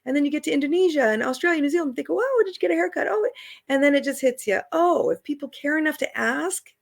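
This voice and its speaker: A woman's voice: high-pitched, fast talker, gravelly. A middle-aged woman, an author and traveler, telling stories in a casual interview, chatty and laughing often as she acts out the people she quotes.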